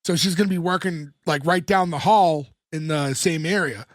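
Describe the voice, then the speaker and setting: A man co-hosting a podcast, retelling a sitcom episode in a casual, animated way and acting out the characters' lines. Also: fairly high pitch, moderate pace, no echo, clean studio sound. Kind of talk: casual chat.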